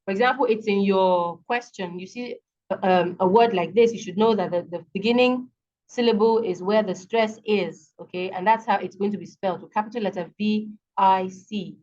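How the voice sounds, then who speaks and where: A woman with a Nigerian English accent tutoring students over a video call, patient and repeating each word slowly. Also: medium pitch, a little mellow. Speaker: online tutor. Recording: dull lo-fi video call audio.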